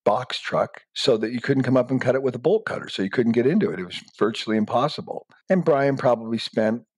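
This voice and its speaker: A man's voice: mid-range voice, brisk, husky, no room sound. A middle-aged man answering interview questions emphatically, giving blunt step-by-step advice. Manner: emphatic, acts out quoted dialogue in raised voices. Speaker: guest entrepreneur.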